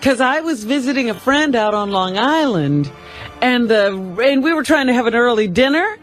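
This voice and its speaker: A woman's voice: a little high, very animated, moderate pace, faint music behind. A woman co-hosting a radio show, teasing and dry, often laughing along. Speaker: radio co-host. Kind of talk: casual radio talk.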